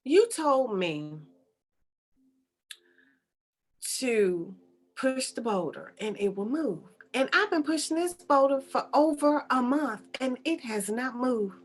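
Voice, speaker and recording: A woman's voice: on the high side, expressive, moderate pace, a bit bright. A woman voicing Paul, a hardworking male farmer who complains in an incredulous, exasperated way. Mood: weary, explaining.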